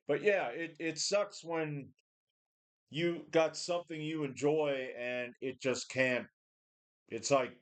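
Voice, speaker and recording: A man's voice: a little high, clear, resonant tone. Blunt, weary man in his forties. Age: 40s. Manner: blunt, profane, weary, full of sighs and restarts. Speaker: vlogger. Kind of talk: casual rambling talk to a webcam. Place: home gym. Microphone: webcam.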